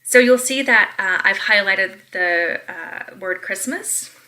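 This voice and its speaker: A woman's voice: mid-range voice, slow pace, sharp tone, low-quality recording. A woman giving a recorded college English lecture, explaining step by step with frequent ums and uhs.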